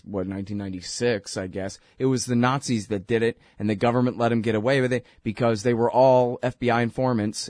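A man's voice: mid-range voice, darkish tone, no echo. Male talk host, sarcastic and rambling; dry, close sound. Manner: rambling and sarcastic, many fillers. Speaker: radio show host. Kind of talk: casual political talk monologue.

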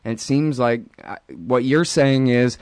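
A blunt, sarcastic man hosting a radio talk show, with an ordinary mid pitch. He rants with heavy fillers and hesitations. The studio sound is dry and close. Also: lively intonation, unhurried, darkish tone, no room sound. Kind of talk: opinionated radio talk and interview.

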